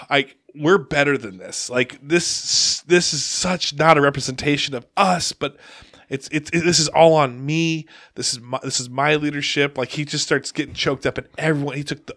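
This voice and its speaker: In a dry, clean studio recording, a fairly high-pitched middle-aged man co-hosts a podcast. He laughs a lot while telling lively stories in relaxed conversation.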